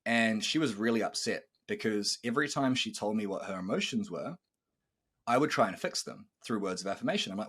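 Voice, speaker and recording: Husky animated male podcast host. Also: lowish voice, a little fast. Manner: animated storyteller, acts out quoted dialogue, swears. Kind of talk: casual podcast chat.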